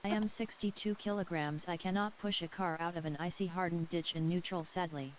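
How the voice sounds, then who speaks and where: A computer text-to-speech voice with a woman's sound, reading chat messages in an even, machine-like way. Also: fairly low pitch, brisk, low-quality recording. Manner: flat, even synthetic delivery. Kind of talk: synthetic speech readout.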